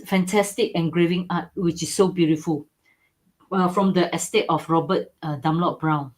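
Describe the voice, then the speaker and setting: A woman's voice: fairly low pitch, fairly even intonation, moderate pace, a little mellow. Enthusiastic woman selling antiques on a live stream. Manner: enthusiastic, repeats "okay?" and "right?", non-native grammar. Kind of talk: live-stream sales chat.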